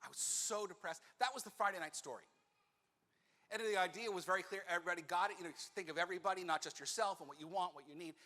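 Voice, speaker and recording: A man, a rabbi, telling a personal story in a sermon, animated and acting out the voices of the people in it. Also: sits high, quick pace. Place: synagogue sanctuary. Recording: reverberant hall.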